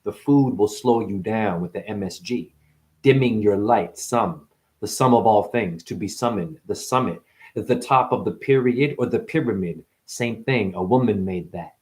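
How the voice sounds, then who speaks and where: Profane rambling man in a monologue. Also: normal speed. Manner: profane, wordplay-driven, jumps between wild pitch swings and mutters. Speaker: spiritual speaker.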